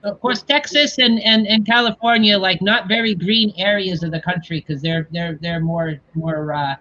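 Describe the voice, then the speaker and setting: A man's voice: sits high, steady tone, normal speed, bright, forceful tone. An American man in a casual group chat over a video call, easygoing and rambling with restarts. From United States. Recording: dull lo-fi call audio.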